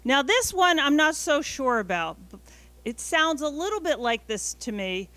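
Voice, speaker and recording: A woman's voice: high voice, sing-song, a little slow, pushed and bright. A woman presenter leading a family class, enthusiastically coaxing the audience to repeat bird calls.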